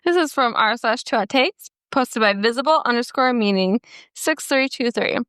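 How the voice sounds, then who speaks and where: A woman's voice: fairly high pitch, animated, moderate pace, fairly bright tone, smooth, no room sound, studio quality. A young adult woman co-hosting a podcast, chatting casually, reading posts aloud and quoting people in playful voices. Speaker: podcast co-host.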